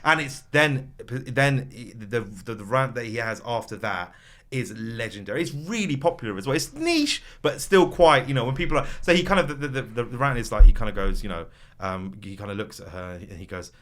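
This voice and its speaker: A man's voice: mid-range voice, brisk. A man chatting casually, rambling through a story with lots of fillers. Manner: rambling, animated storytelling with frequent fillers and laughs. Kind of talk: casual chat.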